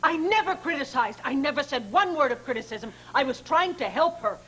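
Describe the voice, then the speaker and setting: A woman's voice: high voice, expressive, brisk, fairly bright tone. An actress playing a hurt, refined middle-aged mother who pleads in her own defense. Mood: defensive.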